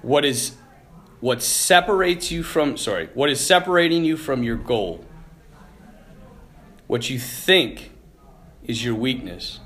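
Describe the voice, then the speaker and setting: A man voicing a calm, commanding older football coach who teaches his players a hard lesson. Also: medium pitch, slow pace, long pauses. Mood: stern. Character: stern, shrewd older male football coach.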